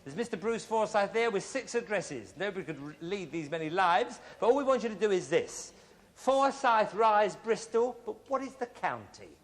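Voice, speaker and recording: A man hosting a television game show, teasing contestants with quick puns and jokes. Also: sits high, big pitch swings. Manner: teasing, quick-witted, punning. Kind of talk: joking studio game-show patter. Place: television studio before an audience. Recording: noisy studio with loud audience.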